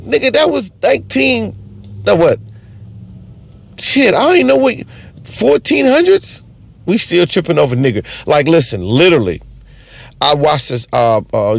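A man in an unscripted comedy monologue, ranting in a profane, animated way. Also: fairly high pitch, creaky, no echo.

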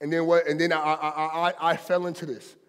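A man's voice: fairly high pitch, flat delivery, brisk, long reverb tail. A man preaching a sermon as pastor, impassioned and conversational, with colloquial asides to his congregation. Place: church sanctuary.

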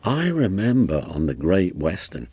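A proud little tank engine, voiced by a man in a toy train storybook, indignant and plain-spoken, with a low voice that rises and falls a lot and faint music behind. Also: big pitch swings, a little slow, warm tone, husky, exaggerated voice.

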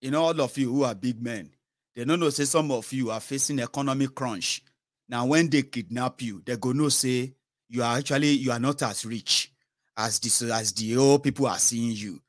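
A man's voice: mid-range voice, moderate pace, dry recording, studio quality. A man giving commentary and explaining recorded phone calls. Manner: explaining, re-enacting quotes.

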